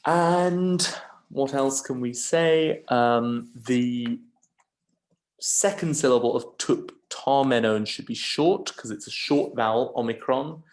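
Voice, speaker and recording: A man teaching a lesson, slowly and patiently talking through each syllable. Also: medium pitch. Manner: slow, patient, stresses syllables one by one. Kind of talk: lecture on scanning Greek verse.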